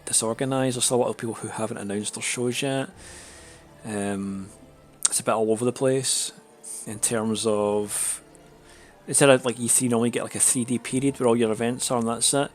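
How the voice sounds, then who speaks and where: Man, slightly raspy congested voice, lowish pitch, rambling live-stream chat, frequent fillers. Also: fairly even intonation, brisk. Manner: rambling, many fillers and restarts.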